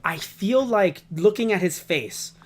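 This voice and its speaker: A man's voice: high voice, unhurried. Ranting, foul-mouthed male podcast host. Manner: rambling, heavy swearing, animated ranting. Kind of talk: casual podcast chat.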